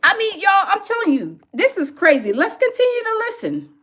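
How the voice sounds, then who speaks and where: A woman hosting a gossip reaction show, animated and laughing as she talks straight to her viewers. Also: very high-pitched, normal speed. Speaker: commentary host.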